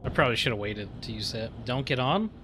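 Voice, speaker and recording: A young man streaming a video game with casual commentary. He swears freely and rants with growing excitement. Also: medium pitch, quick pace, noisy background. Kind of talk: casual let's-play commentary.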